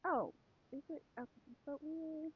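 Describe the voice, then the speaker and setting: Chatty woman streamer muttering to herself while sewing, slightly high voice, dull sound. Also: unhurried. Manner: rambling, self-deprecating, talks to herself and her pets. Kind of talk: casual live-stream chat while sewing.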